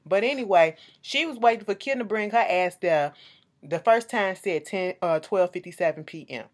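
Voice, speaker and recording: A woman's voice: medium pitch, brisk. A woman, recapping a reality show in blunt, swear-filled casual commentary, often ending points with "okay?". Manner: blunt, animated, swears freely, says okay to close points.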